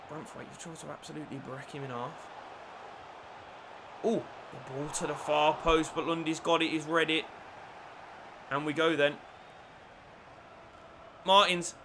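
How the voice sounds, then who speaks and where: A man commentating on his own football video game play, shifting between low muttering and shouted excitement. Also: background noise. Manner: lively, swings from low mutters to shouted celebrations. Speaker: gaming YouTuber.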